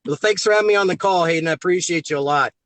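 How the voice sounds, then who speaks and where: High-voiced man telling an excited testimonial. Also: very fast, no echo. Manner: excited, acts out quoted dialogue. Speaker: guest giving a product testimonial. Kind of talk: animated storytelling on a live call.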